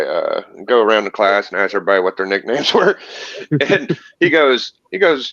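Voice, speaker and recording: A man's voice: fairly low pitch, sing-song, moderate pace, fairly bright tone, no room sound. A laid-back man telling a school story in a casual group chat. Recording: dull dry mic.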